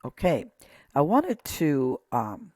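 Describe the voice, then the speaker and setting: A man teaching a pronunciation lesson, saying each word slowly and repeating it while pointing out accent marks. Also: on the high side, huge pitch swings, a little mellow, no room sound. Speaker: Hebrew teacher.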